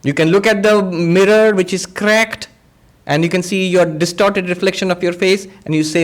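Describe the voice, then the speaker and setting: A monk teaching a spiritual discourse, patiently explaining ideas through everyday examples and quoted dialogue. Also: male voice, high-pitched, steady tone, normal speed. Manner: acts out quoted speakers in dialogue.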